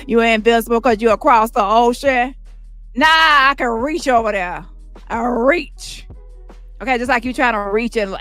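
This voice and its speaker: A woman's voice: a little high, a bit bright. A woman delivering a brash, mocking, profanity-heavy commentary rant. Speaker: commentary channel host.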